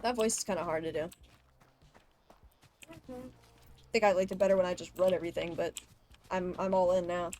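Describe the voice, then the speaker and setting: A woman's voice: lowish voice, fairly even intonation, fairly quick, pauses often, darkish tone, slight background noise. Chatty woman streaming a game. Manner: chatty and self-deprecating, talking to chat. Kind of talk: casual gameplay commentary.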